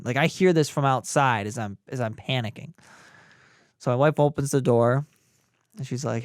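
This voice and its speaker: A man's voice: on the high side, fairly quick, clear, resonant tone, no echo, studio quality. A young man, a podcast co-host, casually telling a story and acting out the voices of the people in it. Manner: animated, acts out voices in the retelling.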